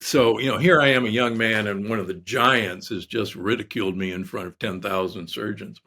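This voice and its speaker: An older man, a doctor guest in an interview, telling stories in a lively way with lots of restarts. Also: on the low side, moderate pace, gravelly. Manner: animated storyteller with many restarts. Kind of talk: casual interview storytelling.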